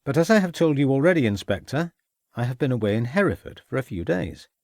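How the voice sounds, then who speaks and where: A man's voice: medium pitch, sing-song, fast talker, darkish tone, no room sound, studio quality. A man reading an audiobook, voicing a nervous, defensive middle-aged male suspect who protests and evades. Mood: evasive. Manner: agitated, protesting, evasive.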